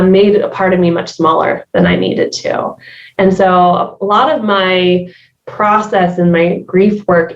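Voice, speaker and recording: Southern woman guest musing slowly, lots of ums, sounds far off in an echoey room, kinda dull audio. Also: on the low side. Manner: thoughtful, many fillers and restarts. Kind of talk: reflective podcast conversation. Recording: distant, roomy, dull remote sound.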